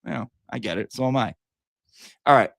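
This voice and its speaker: A man's voice: brisk, vocal fry, no room sound, studio quality. Chatty profane man. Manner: chatty, profane, swinging emotional pitch. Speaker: livestream host. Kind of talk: casual livestream chat.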